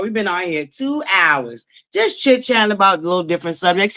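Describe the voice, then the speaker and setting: A woman's voice: fairly low pitch, expressive, normal speed, hardly any pauses, bright, forceful tone. Woman, livestream host, casual chat, greets viewers by name.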